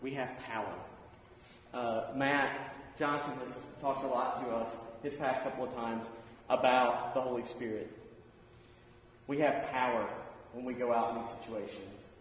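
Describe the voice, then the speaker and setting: A man's voice: medium pitch, flat delivery, normal speed, a little hiss or hum. A man in his thirties giving a casual, anecdotal sermon in a church auditorium, acting out the voices of people in his stories. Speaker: preacher. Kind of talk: sermon with storytelling. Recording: echoey hall, far from mic.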